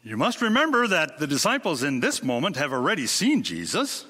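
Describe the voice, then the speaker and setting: Male preacher, fairly high and forceful, emphatic sermon delivery in a reverberant church hall. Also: huge pitch swings, brisk. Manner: emphatic, with dramatic swings in pitch and rhetorical questions.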